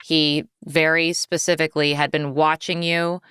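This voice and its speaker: A woman hosting a podcast interview, reflecting on her guest's story in a measured, thinking-aloud way. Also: low-pitched, level tone, fairly bright tone, smooth, no room sound, studio quality. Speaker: podcast host. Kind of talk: interview talk.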